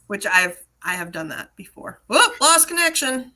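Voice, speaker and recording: A chatty American woman hosting a live Q&A about online selling. Her voice is bright and forceful, and her talk is animated and full of laughter. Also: fairly high pitch, measured pace, a little hiss or hum. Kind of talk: casual live Q&A chat.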